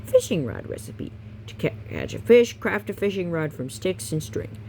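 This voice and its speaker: Casual guidebook reader, animated delivery, frequent stumbles and asides. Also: medium pitch, normal speed, a little hiss or hum. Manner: casual, stumbling, self-correcting, chatty asides. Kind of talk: reading a game guidebook aloud.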